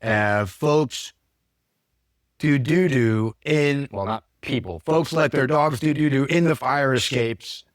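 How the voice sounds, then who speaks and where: A man's voice: mid-range voice, slow, no echo, clean studio sound. A man hosting a casual podcast chat, rambling and correcting himself with joking asides. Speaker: podcast host.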